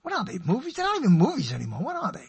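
A man's voice: extremely high pitch, wildly swooping pitch, rapid-fire, gravelly, husky. A man hosting a solo talk show, rambling through digressions with playful asides. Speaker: show host.

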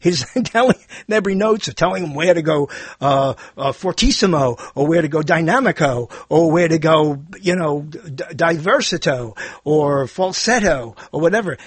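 A man giving a rambling spoken monologue, animated and digressive, often correcting himself mid-sentence. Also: fairly high pitch, moderate pace, slightly rough, no room sound. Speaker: monologue speaker.

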